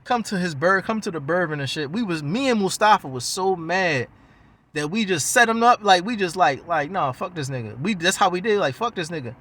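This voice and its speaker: A man with a Baltimore accent tells a story in loose, slangy, profane talk. His voice sits a little high for a man, and he jumps into other people's voices as he goes. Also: lively intonation, fairly quick, fairly bright tone. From West Baltimore. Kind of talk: casual storytelling.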